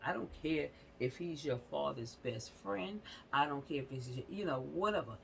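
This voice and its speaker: Her voice low-pitched, gravelly, and expressive at a normal speed, a woman runs a casual commentary vlog channel. She's blunt and emphatic, swears mildly, repeats herself a lot, and keeps checking in with "you know what I'm saying". The rough recording carries a little hiss or hum.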